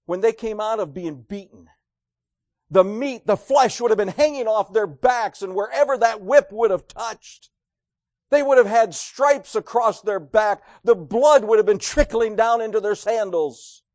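A man preaching a sermon, animated and acting out quoted voices, swinging between loud and hushed. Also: high-pitched, a little slow, no room sound, studio quality.

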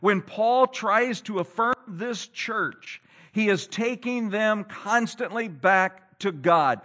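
A pastor preaches a sermon to his church, shifting between loud emphasis and low, hushed lines, and reads scripture in old-fashioned wording. His intonation is lively and his pace slow.

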